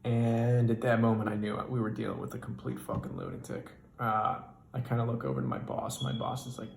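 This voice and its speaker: A man telling a stand-up comedy story in a profane, animated and exasperated way. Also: mid-range voice, brisk, vocal fry, reverberant, a little hiss or hum.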